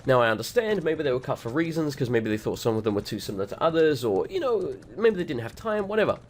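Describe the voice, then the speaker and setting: A man's voice: medium pitch, very animated, fast, slight background noise. A man casually commenting on his gameplay as a let's play host, brash and profane, with a voice that keeps cracking. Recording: voice with game music behind.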